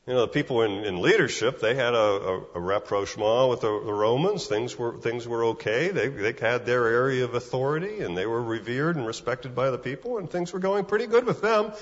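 A man's voice: mid-range voice, big-room sound, muffled recording. A man preaching a sermon in a conversational way, often repeating words and asking "right?". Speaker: pastor.

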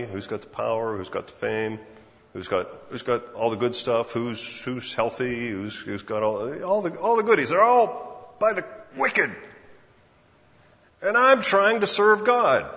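A male pastor gives a sermon in a large, echoing sanctuary, and the long reverb hangs after his words. The recording sounds dull and lo-fi. He keeps asking his listeners questions and voicing what they might think. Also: medium pitch. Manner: asks the congregation rhetorical questions; acts out imagined speakers' thoughts.

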